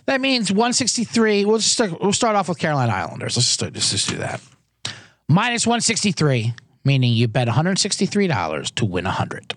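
A man's voice: on the high side, wildly swooping pitch, a little fast, fairly bright tone, no echo, clean studio sound. A man hosting a sports betting podcast in a casual, jokey, rambling way, often interrupting himself. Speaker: podcast host.

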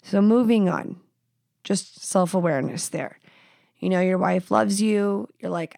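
Gravelly, blunt, profane woman podcast host. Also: medium pitch, steady tone, moderate pace, warm tone, no room sound, studio quality. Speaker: podcast host giving advice. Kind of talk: casual advice chat.

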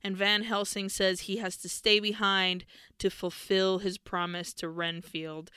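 A young woman co-hosting a podcast, casually recapping a movie scene by scene, animated and swearing freely. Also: mid-range voice, measured pace, clear, resonant tone, no echo, clean studio sound. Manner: animated, swears freely, acts out characters' lines. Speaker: podcast co-host.

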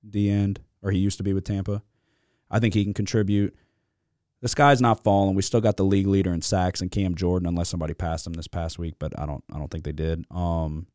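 A man with a very low voice hosts a casual sports podcast. He talks in a loose, animated way and swears freely. The sound is dry and close. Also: no room sound. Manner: animated, profane, venting. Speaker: podcast host.

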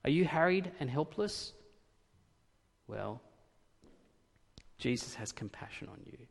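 Gravelly preacher in a reverberant hall. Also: male voice, on the high side, animated, slow. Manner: emphatic, repeats key phrases, swings from loud to hushed. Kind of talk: sermon.

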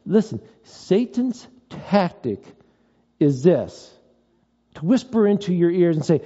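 A male pastor delivers a conversational sermon in a fairly high yet mellow voice. He mixes scripture with everyday stories from home. The sound is a little dull. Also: lively intonation, takes it slowly. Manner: conversational preaching with personal stories.

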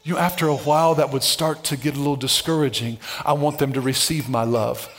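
A man preaching a sermon as pastor to a congregation, playful and dynamic, moving between soft asides and shouted emphasis. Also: medium pitch, steady tone, fairly quick, a little hiss or hum. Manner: playful, with humorous asides and call-outs to the congregation.

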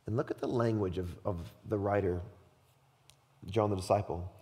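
A man preaching a sermon as pastor, speaking emphatically and often dropping to a quiet, intense hush. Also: fairly low pitch, moderate pace, in a large hall.

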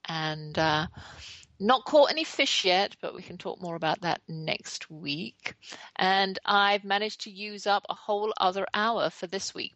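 A woman's voice: mid-range voice, gravelly, a bit bright, no echo, poor audio. A middle-aged woman, hosting a talk show and telling a chatty, self-deprecating story about her day. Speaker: podcast host. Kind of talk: casual storytelling monologue.

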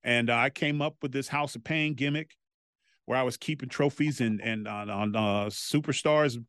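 A man, a former wrestler, telling stories as a podcast guest in a loose, animated way and swearing freely. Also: medium pitch, normal speed, no room sound, studio quality. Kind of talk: casual anecdotal storytelling.

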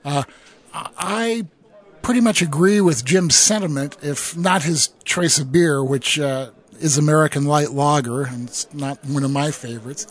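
A man's voice: a little high, moderate pace. A man co-hosting a beer podcast, opinionated and stammering into his points in casual chat. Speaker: podcast co-host.

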